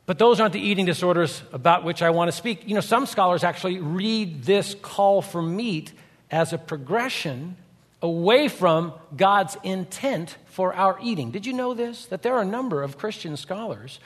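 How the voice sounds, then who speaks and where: A man delivers a sermon in a church sanctuary, his voice sitting a little high for a man. He is animated and folksy, acting out quotes with humor. The sound carries a long reverb from the hall. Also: moderate pace. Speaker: guest preacher, university leader.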